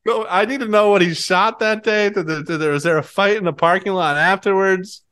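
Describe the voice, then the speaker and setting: A man with a slightly higher voice tells a story in casual chat. He laughs as he goes and acts out the people in the story with lively, shifting voices. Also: fairly quick, smooth. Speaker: podcast co-host.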